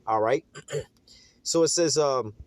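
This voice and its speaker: A man preaching an informal sermon in a casual, streetwise way, slowing down to read scripture aloud. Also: mid-range voice, no room sound. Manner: casual and streetwise, calling listeners "man" and asking "all right?".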